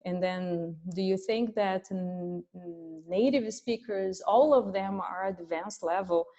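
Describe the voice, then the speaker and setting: Slow-talking woman teacher on a video call. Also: on the low side, dark tone. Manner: explains slowly, with frequent laughs. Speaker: English teacher hosting an online class. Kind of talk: casual teaching chat. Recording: dull lo-fi video call audio.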